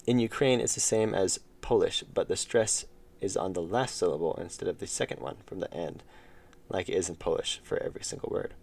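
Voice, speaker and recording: Low, gravelly male streamer, casual, mutters while coding, keys clacking. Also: a little fast, a little mellow. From United States. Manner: thinks aloud, mumbles while working, chats with viewers. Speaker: game developer streamer.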